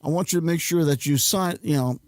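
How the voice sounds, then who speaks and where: A man hosts his own show, rambling from one thought to the next and muttering when his gear gives him trouble. His voice is mellow and dark, recorded close and dry with no room around it. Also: on the high side, a little fast, dry recording. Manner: flustered, muttering while fumbling with equipment. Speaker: host. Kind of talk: rambling casual monologue.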